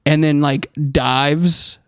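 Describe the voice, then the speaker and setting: A man in his twenties co-hosting a podcast, telling a rambling story and often laughing. He quotes other people in a high put-on voice. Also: fairly even intonation, extremely slow, clean tone, no room sound, studio quality. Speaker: podcast co-host. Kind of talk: casual storytelling chat.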